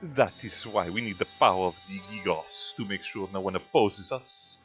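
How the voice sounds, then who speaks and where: A man voicing a scheming female villain admiral in a mock French accent, reading game lines slowly and low. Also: fairly bright tone, soft background music. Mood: cold. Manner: slow, low, menacing delivery. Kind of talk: reading game dialogue aloud.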